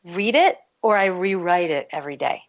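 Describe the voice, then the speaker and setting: A woman's voice: lowish voice, expressive, moderate pace. A woman coach as a guest on a talk show, explaining with easy metaphors and laughing often. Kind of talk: casual interview talk. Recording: lo-fi muffled line.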